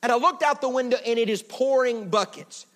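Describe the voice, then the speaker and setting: High-pitched guy preaching in church, goes big then real quiet, chatty folksy bits in between. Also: fairly quick. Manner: dramatic preaching, swinging from loud to hushed; folksy asides to the congregation. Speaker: pastor. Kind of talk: sermon. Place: church building.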